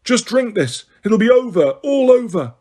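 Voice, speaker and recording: A man's voice: very high-pitched, big pitch swings, moderate pace, a little mellow, voice pushed up, exaggerated voice. A man voicing a frantic teenage boy wizard with urgent, cracking pleas in an audiobook. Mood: desperate. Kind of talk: audiobook character reading.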